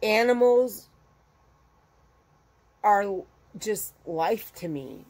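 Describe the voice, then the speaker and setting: A woman's voice: mid-range voice, animated, very slow, darkish tone. A middle-aged woman chatting casually as a crochet vlogger at home, rambling and emotional as she talks. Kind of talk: casual chat. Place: home with her dogs.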